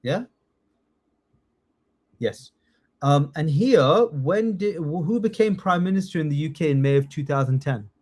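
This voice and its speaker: Man teaching live class, fairly high voice, encouraging, chatty, keeps checking in. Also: expressive, unhurried, long pauses, a little mellow. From United Kingdom. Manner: encouraging, chatty, frequent "yeah?" check-ins. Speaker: citizenship test teacher. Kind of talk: live online class, quizzing students.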